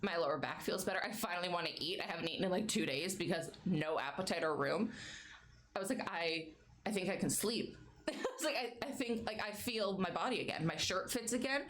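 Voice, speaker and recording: A woman's voice: fairly low pitch, fairly quick, a bit bright. A young adult woman streamer chatting casually and laughing often between stories. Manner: chatty, giggly, baby-talks her pets. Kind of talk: casual chat.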